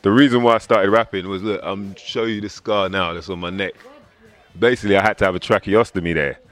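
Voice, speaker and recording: A low-pitched man with an English accent talks through his story in a loose, conversational way. He often slips into other people's voices to act out what they said, keeping an easy interview pace. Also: fairly quick. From England. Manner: animated storyteller, acts out quoted voices. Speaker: rapper. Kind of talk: casual interview talk.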